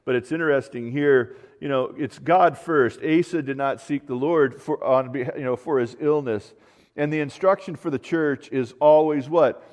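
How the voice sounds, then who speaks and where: A man's voice: medium pitch, normal speed, darkish tone, in a large hall. A man preaching a conversational sermon as pastor, reading scripture and wandering into asides and restarts.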